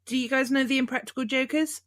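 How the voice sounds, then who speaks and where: A woman guesting on a podcast, chatting in a relaxed, giggly way with plenty of "um" and "uh". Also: high voice, fast talker, dry recording, clean studio sound. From United Kingdom. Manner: relaxed, giggly, lots of fillers. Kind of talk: casual podcast chat.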